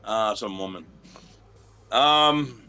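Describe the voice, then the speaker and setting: A man's voice: lowish voice, drawn-out words, bright, forceful tone, smooth. A man being interviewed as a wrestling champion, talking in a brash, boastful, profane way and telling stories casually.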